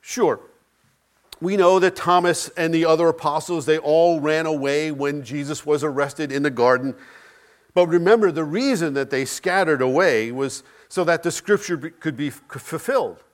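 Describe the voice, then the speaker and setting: A man preaching an Easter sermon, emphatic, with dramatic pauses and swings between loud and soft. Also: on the high side. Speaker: pastor.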